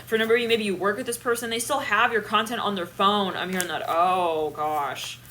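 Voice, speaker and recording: A young woman giving a live tarot reading, animated and thinking aloud, with bursts of laughter and swearing. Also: medium pitch, fairly quick, a little hiss or hum. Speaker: tarot reader.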